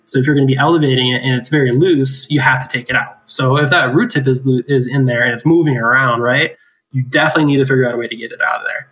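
A man's voice: medium pitch, steady tone, quick pace, fairly bright tone, low-quality recording. A man who works as an oral surgeon, explaining extraction cases in a casual chat, laughing often and tagging his points with "right?". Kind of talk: casual clinical discussion.

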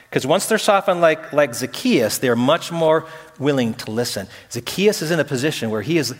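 A man's voice: fairly high pitch, a bit bright. A man preaching a sermon as pastor, talking conversationally with emphatic repetitions and acted-out quotes, in a church sanctuary. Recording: echoey hall.

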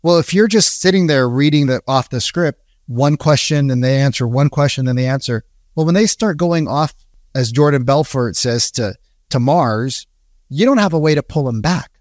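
A man's voice: medium pitch, moderate pace, dry recording, studio quality. A man giving casual sales coaching. He talks conversationally, often checks in with "right?" and acts out sample calls. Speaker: sales trainer.

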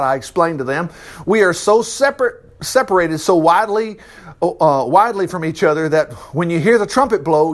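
Animated man preaching with drawl. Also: high voice. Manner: animated, folksy asides, acting out voices. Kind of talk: sermon, reading scripture with commentary.

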